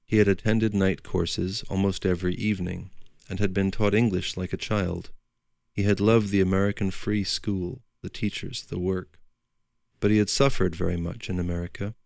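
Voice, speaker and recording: A male narrator reads a literary audiobook in a measured, unhurried storytelling manner. His voice is very low with a gravelly texture. The sound is close and dry. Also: flat delivery, a little mellow, no echo.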